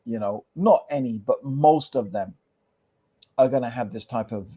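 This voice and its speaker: Mellow-voiced man chatting, "bro" every few lines. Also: mid-range voice, moderate pace, husky. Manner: animated, keeps saying "bro" and "right?". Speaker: podcast co-host. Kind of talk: casual chat. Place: podcast studio.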